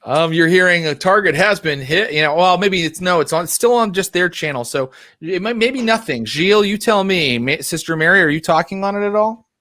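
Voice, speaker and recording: A man's voice: sits high, expressive, brisk, pushed and bright, dry recording. A man running a tabletop role-playing game as storyteller, narrating in a loose, chatty way with fillers.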